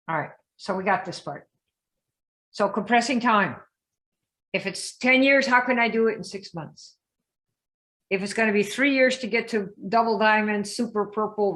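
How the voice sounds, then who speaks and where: A woman coaching a group in a lively live session, often asking her listeners questions and acting out the voices she quotes. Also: mid-range voice. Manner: emphatic, asks the audience questions, acts out quoted voices. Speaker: business coach.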